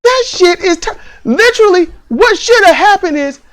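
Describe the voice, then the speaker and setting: A man's voice: extremely high pitch, lively intonation, moderate pace, fairly bright tone. A man co-hosting a casual review podcast, blunt and profane, ranting with lots of laughs. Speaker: podcast co-host reviewing a TV series.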